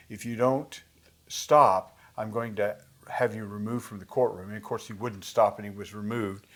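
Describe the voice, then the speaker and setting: Earnest male Bible study teacher. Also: fairly low pitch. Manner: earnest, explanatory, reads scripture aloud with emphasis; conversational teaching, pauses to define words.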